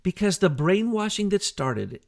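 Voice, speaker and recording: A man with a somewhat high, gravelly voice co-hosts a talk show. He speaks in an emphatic, animated way, building his points through lists and rhetorical questions. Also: normal speed. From United States. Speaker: co-host. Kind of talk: conversational talk show discussion.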